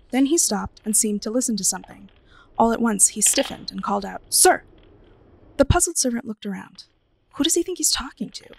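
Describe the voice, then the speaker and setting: Gravelly woman reading a ghost story. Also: medium pitch, a little hiss or hum, rough recording. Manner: expressive, dramatic storytelling. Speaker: librarian.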